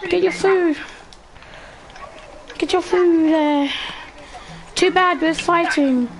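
A man's voice: very high voice, fairly even intonation, slow, background noise. A male streamer running a block-building game, clowning around, giving bossy orders and breaking into mock singing. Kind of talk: casual livestream chat.

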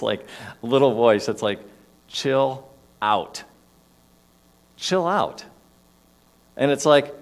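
Male minister, mid-range voice, casual story-driven sermon delivery. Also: mid-range voice. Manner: conversational storytelling, rising and falling emphasis. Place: church sanctuary.

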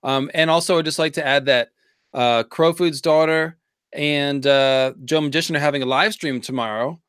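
A man's voice: on the high side, normal speed, a bit bright, clear, resonant tone, no echo, clean studio sound. A man co-hosting a live stream Q&A, teasing and joking with the host. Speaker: co-host guest.

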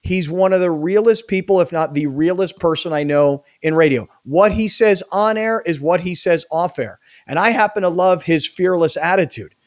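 A male talk show host with a somewhat higher voice, talking in an animated, storytelling way. He slips into quick impressions of other people. The sound comes through a video call. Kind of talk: casual chat.

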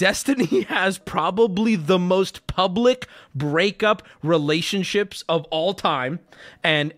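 Guy streamer rambling and cussing, pretty high voice, jumps all over. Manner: rambling, profane, animated. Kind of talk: casual live-stream chat.

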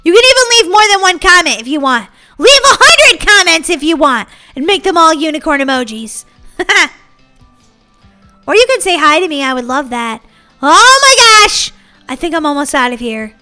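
A bubbly, excitable woman hosting a gaming channel, giggling and chatting to her fans as she plays. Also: high voice, normal speed, faint music behind. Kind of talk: playing a video game and commenting.

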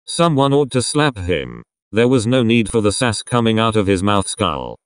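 A man's voice: on the low side, sing-song, slight background noise. Sarcastic rambling young man. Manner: rambling, sarcastic, fast asides. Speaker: reaction video host. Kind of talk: casual reaction commentary.

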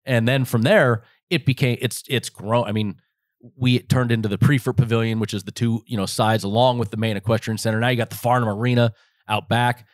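A lively American man in his forties tells stories in an interview, joking along and slipping into his family's voices as he goes. His voice sits at an ordinary middle pitch, dry and close with no room around it. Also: fairly quick, no room sound. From Las Vegas, United States. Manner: animated, joking storyteller who acts out his family's voices. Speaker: guest. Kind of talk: casual interview storytelling.

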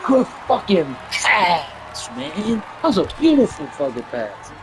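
Dude hyped up calling his own 2k game, swears a lot, slow drawl but pitch jumps all over, game noise behind him. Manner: excitable, swears, cheers teammates on, laughs often. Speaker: gamer streaming basketball video game. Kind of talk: casual live gameplay commentary.

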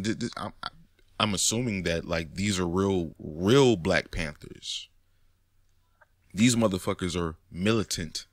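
A man talking in a casual monologue, animated and profane, often rising to near-shouts. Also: fairly low pitch, no room sound, clean studio sound. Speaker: commentator.

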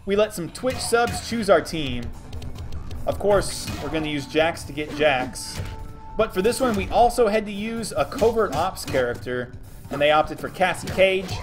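A man's voice: high voice, animated, a little slow, music in the background. A young man from Texas giving casual, joking commentary on a game stream and reading chat messages aloud.

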